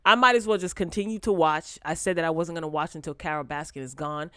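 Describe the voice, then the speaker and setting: A woman hosting a casual pop culture commentary show, animated and sassy, talking straight to her viewers on a close mic. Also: deep voice, quick pace, clear, resonant tone, no room sound. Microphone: close desk mic.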